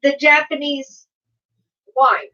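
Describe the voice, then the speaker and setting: A woman's voice: high voice, animated, slow, pushed and bright. A woman hosting a casual livestream, chatty and laughing often as she reads viewers' comments aloud. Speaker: livestream host reading chat. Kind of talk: casual chat. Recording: dull sound from a distance.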